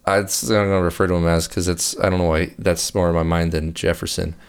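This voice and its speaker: A man on a casual podcast who talks haltingly, corrects himself, and adds dry asides. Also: deep voice, flat delivery, smooth. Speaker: podcast co-host.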